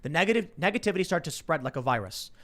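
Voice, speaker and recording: A quick-talking man with a slightly high voice hosts a casual podcast chat. He tells stories with energy and acts out the people in them. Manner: animated storyteller acting out quoted people. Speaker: podcast host.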